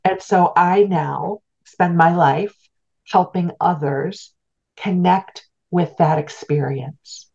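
A middle-aged woman with a notably low voice speaks as an interview guest. She recounts a personal story in an earnest, heartfelt and reflective way. The recording sounds somewhat muffled and lo-fi. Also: slow, gravelly, darkish tone, breathy edge. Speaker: guest, spiritual teacher.

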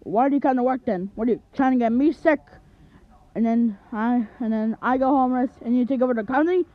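A woman's voice: fairly high pitch, fast talker, no echo, close to an everyday voice. A woman voicing a hot-tempered male newspaper boss who berates and insults his employee in a fan animation. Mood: ranting. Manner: barking, insulting, impatient. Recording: tinny lo-fi home recording.

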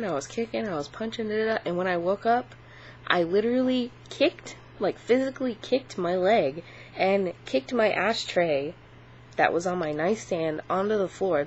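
A woman's voice: fairly low pitch, vocal fry. Rambling woman on lo-fi camera audio. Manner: rambling, filler-heavy, swearing. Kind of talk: casual vlog retelling a dream. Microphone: built-in camera mic. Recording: dull lo-fi camera audio with faint hum.

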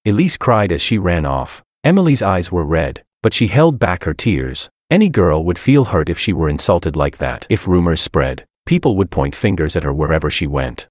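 A man narrates a first-person web story in a very low voice. His pitch swings widely as he reads. The sound is dry and close, with no room around it. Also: very animated, moderate pace, hardly any pauses, dry recording.

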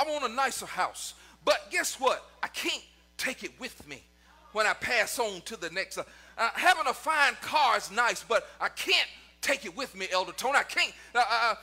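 Male pastor, very high voice, piercing bright tone, shouted sung preaching, soft music behind. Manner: preaching in rising shouts, near-sung cadences; talks to the congregation and online viewers. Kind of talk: sermon.

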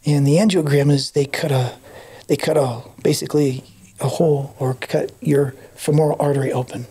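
A middle-aged man tells a personal story as a podcast guest. His voice is husky and mellow, and he acts out the people he quotes with animated changes of voice. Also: on the high side, moderate pace. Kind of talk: storytelling testimony.

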